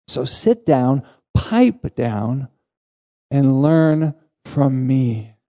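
A man voicing a stern male teacher rebuking a follower, slow and deliberate. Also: medium pitch, very animated, mellow, heavily acted.

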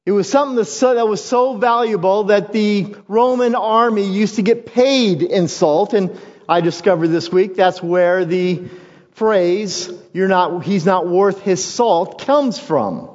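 A higher-voiced man preaches from the pulpit, driving home his points through repetition. He speaks slowly and deliberately. The sound is dull and lo-fi, with a long reverb tail from a big church hall. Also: a little mellow. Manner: emphatic, repeats key phrases for weight. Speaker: pastor. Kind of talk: sermon.

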